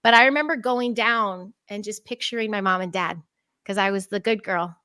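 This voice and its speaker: A woman openly sharing her own addiction and recovery story in a casual live talk show, animated and candid. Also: medium pitch, moderate pace, no echo. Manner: open, animated storytelling with laughs. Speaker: co-host.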